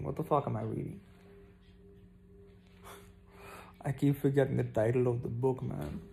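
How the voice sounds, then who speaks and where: Gravelly, warm-voiced casual male vlogger. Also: medium pitch, slight background noise. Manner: scattered, self-mocking, talks straight to viewers. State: yawning, tired. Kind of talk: casual rambling vlog to camera.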